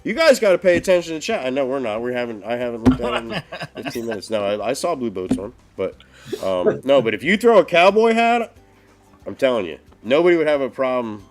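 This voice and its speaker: Animated swearing man telling road stories. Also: medium pitch, a little fast, faint music behind. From northeastern US. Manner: animated storytelling, heavy swearing. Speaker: podcast co-host. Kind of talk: casual live-stream chat.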